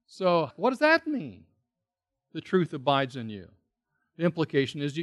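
Man, preacher, expository sermon, emphatic, repetitive stress, fairly high voice, animated intonation. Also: a little slow, long pauses. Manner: emphatic, repeats key words for stress; explains Greek terms, asks the listeners questions. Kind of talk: expository Bible teaching sermon.

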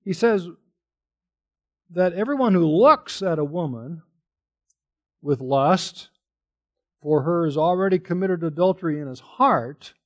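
Guy preaching a sermon, pretty high voice, asks the crowd questions, slows way down on the big words. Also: animated. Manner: explanatory preaching with rhetorical questions. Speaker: pastor.

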